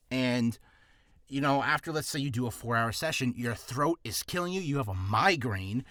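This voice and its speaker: A man's voice: mid-range voice, lively intonation, normal speed, fairly bright tone, no echo, clean studio sound. A man giving casual spoken advice on voice care in a loose, rambling way, often correcting himself, with a slightly ticklish throat. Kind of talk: casual spoken video lesson.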